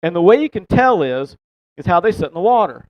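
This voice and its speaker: A man's voice: high voice, very animated, a little fast, no room sound. A man telling a long fishing story in a casual, rambling way, laughing and swearing as he goes. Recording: dull, dry close-mic sound.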